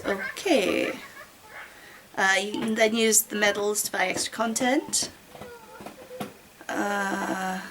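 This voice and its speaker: A woman's voice: a little high, fairly bright tone, slight background noise, rough recording. A woman from Britain reviewing an app in a casual, hesitant and wry way, with many fillers.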